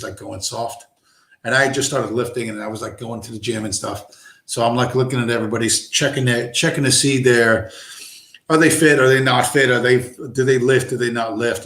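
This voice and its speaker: A man's voice: medium pitch, a bit bright. A man streaming, telling a rambling story with heavy swearing and constant asides. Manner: profane, digressive, lots of fillers. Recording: roomy echo.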